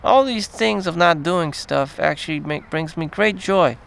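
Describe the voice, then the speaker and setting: A man vlogging in a rambling, profane monologue full of fillers and trailing pauses. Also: on the high side, vocal fry, a bit bright.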